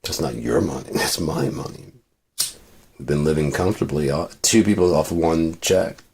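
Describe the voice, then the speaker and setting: A man's voice: extremely low pitch, normal speed, darkish tone, breathy edge. A man venting in a rambling, profane monologue with many restarts. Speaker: vlogger.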